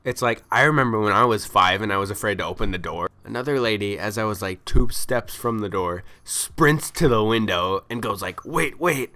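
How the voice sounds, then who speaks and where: A man ranting in casual storytelling, exasperated and complaining, acting out the people he met in quick quoted lines. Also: fairly low pitch, bright, forceful tone. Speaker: vlogger.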